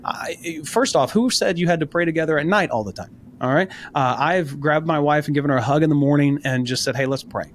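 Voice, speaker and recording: A man co-hosts a casual men's faith podcast, his voice on the high side and fairly quick, with a little hiss or hum underneath. He's earnest and encouraging, telling stories from his own experience.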